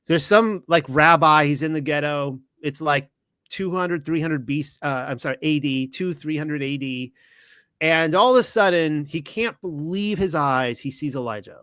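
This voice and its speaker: Slightly high-voiced rambling man. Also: dry recording. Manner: rambling, with frequent restarts and self-corrections; retells stories with lively quoted dialogue. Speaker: podcast host. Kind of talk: casual monologue.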